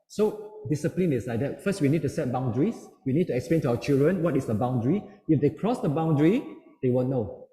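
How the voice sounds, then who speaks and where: A man's voice: mid-range voice, lively intonation, fast, warm tone. A middle-aged man giving a parenting seminar talk, telling stories and acting out the voices he quotes. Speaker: seminar speaker. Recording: echoey hall with long reverb.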